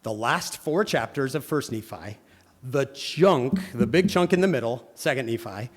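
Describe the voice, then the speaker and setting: A religious teacher with a husky mid-range voice delivers an unhurried sermon in a church hall, with a long reverb tail. He tells stories to his congregation and animatedly plays the people in them.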